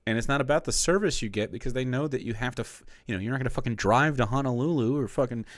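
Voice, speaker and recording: A man's voice: mid-range voice, fast talker, dry recording, studio quality. A man streaming live and reacting to a clip, swearing a lot, mocking it and laughing often.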